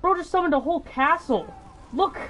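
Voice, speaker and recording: A gamer reacting to a game cutscene with loud, excitable exclamations. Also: extremely high pitch, a little fast, a little hiss or hum.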